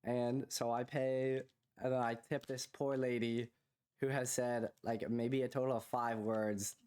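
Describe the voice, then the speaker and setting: A young man co-hosting a podcast, telling a long casual story full of fillers like "like" and "you know", rising in pitch when he quotes other people. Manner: rambling, filler-heavy, animated when quoting others. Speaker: podcast co-host.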